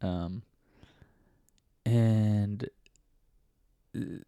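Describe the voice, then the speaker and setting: A man's voice: lowish voice, fairly even intonation, extremely slow, dark tone, clean tone, dry recording, studio quality. A man vlogging a casual, reflective monologue, rambling with many fillers and restarts, sometimes talking to himself with self-mocking laughs.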